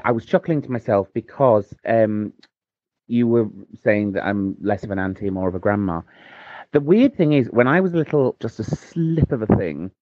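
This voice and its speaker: A man with a very deep voice tells a self-deprecating story in relaxed podcast chat. The sound is dry and a bit muffled. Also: dry recording.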